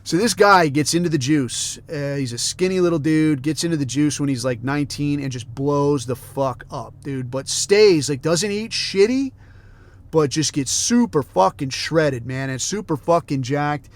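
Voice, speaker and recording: A man's voice: a little high, moderate pace. A middle-aged man hosting a podcast, telling rambling stories in a casual, heavily profane rant. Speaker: podcast host.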